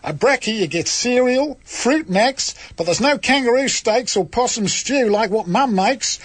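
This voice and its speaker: A man voicing a tough young Australian farm girl in the army, in a mock Australian accent, with a husky, boastful delivery as he reads her letter home. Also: extremely high pitch, animated, normal speed, voice pushed up.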